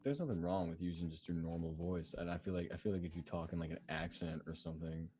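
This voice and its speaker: A man's voice: sits low, fast, warm tone. A young American man hosting a podcast, chatting casually, laughing often and slipping into playful mock voices. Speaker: podcast host. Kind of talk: casual chat.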